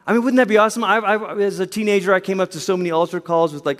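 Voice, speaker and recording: A male pastor delivers an animated sermon, acting out quotes as he tells the stories. His voice sits high for a man. A long reverb from the church hall trails each phrase. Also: rapid-fire, few pauses.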